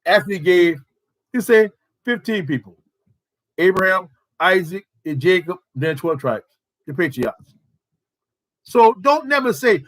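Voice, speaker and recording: A man's voice: sits high, lively intonation, a little slow, long pauses, a bit bright. A man preaching a sermon at a prayer service, emphatic and full of rhetorical questions.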